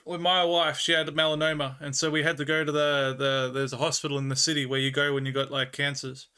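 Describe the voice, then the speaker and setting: A man's voice: on the high side, flat delivery, fairly quick, bright, forceful tone, clear, resonant tone. A man with an Australian accent chatting with viewers on a live stream, telling rambling stories and laughing often. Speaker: livestreamer. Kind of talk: casual chat with viewers.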